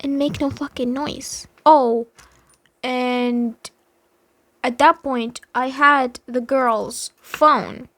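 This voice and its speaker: A woman's voice: high voice, fairly even intonation, extremely slow, a bit bright, no echo. A young woman telling a story in a casual vlog, dramatic and emphatic, swearing heavily. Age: young adult.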